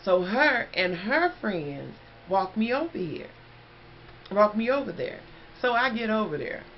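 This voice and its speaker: A woman telling a story in a casual, animated way, talking straight to her viewers. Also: mid-range voice, unhurried. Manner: animated, chatty, addresses listeners as y'all. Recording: dull lo-fi, faint background noise.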